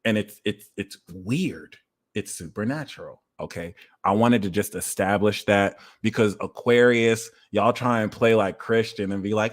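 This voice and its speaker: A man hosting an astrology reading livestream, talking in an animated, profane rant and sometimes shouting. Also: on the low side, normal speed. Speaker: astrology reader.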